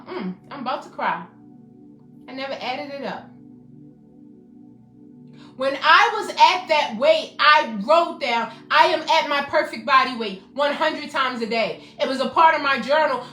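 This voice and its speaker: A woman's voice: high voice, bright, forceful tone. A woman hosting a motivational self-help talk, emphatic and repetitive, speaking directly to her viewers by name. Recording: roomy echo, faint music behind.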